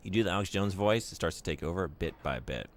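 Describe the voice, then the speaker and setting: A man's voice: low voice, lively intonation, fast talker, slight background noise. A young man streaming a game, joking and teasing his viewers in casual chat.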